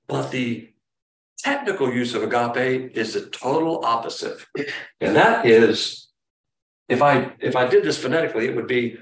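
A man preaching a sermon in an emphatic, teacherly way, often speeding up and slowing down. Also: medium pitch, expressive, echoey room, far from the mic. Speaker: pastor.

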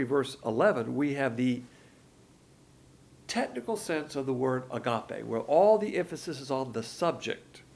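A man's voice: fairly high pitch, vocal fry. A man giving a Bible study lesson, explaining scripture and stressing words with his voice to make his points. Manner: explanatory, shifts emphasis with his voice to illustrate points. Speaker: Bible teacher.

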